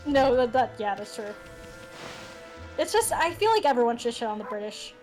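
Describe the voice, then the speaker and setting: High-voiced teasing woman over game music. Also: sing-song, normal speed, a little mellow. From United States. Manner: teasing, blunt, swears freely. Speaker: co-streamer guest. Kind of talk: casual chat while gaming.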